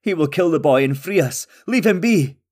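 A man's voice: a little high, animated, moderate pace, darkish tone, voice pushed up. A man voicing a vengeful male villager in a storybook, firm and insistent.

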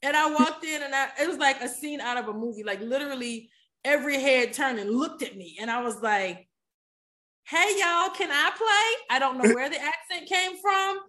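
A woman with a somewhat high voice talks through a personal story as a podcast guest. She is chatty and animated, and keeps turning to her listener with little check-ins. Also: quick pace. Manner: animated, chatty, keeps asking "you know what I'm saying?". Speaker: podcast guest, poker player. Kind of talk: casual storytelling in an interview.

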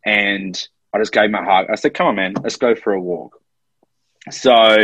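A man's voice: lowish voice, no room sound, lo-fi sound. An Australian man co-hosting a podcast, telling a personal story in an earnest, emotional way. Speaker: podcast co-host. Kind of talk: casual chat. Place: Melbourne, in lockdown.

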